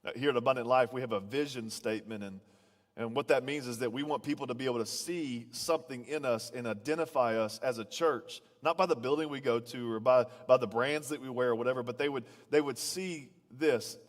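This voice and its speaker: Man preaching in a reverberant hall. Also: medium pitch. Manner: conversational storytelling preacher, repeats starting words. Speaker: pastor. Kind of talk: sermon. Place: church auditorium. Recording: long reverb of a large hall.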